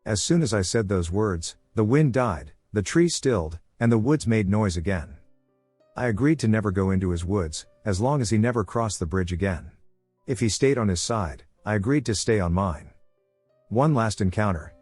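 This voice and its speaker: Low-voiced man narrating a horror story. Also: animated, moderate pace, darkish tone, breathy edge, dry recording, faint music behind. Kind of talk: scripted first-person horror narration.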